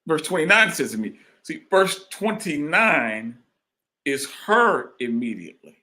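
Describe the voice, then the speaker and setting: A man delivers a sermon with an animated, swinging delivery. His voice is bright and forward, and he repeats phrases to drive points home, calling out to the congregation. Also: a little high, moderate pace. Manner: call-and-response preaching, repeats phrases. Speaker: preacher. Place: church.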